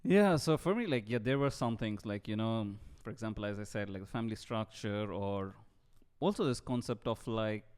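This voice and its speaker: A man from India, a guest comedian talking in a relaxed, reflective way. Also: on the low side, normal speed, smooth. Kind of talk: casual chat.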